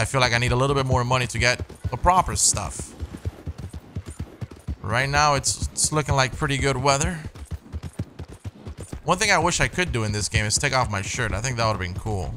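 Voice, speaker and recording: A man's voice: mid-range voice, background noise. A man giving casual, chatty let's-play commentary, swearing and getting easily annoyed with the game. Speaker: gameplay streamer. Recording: commentary over loud game music.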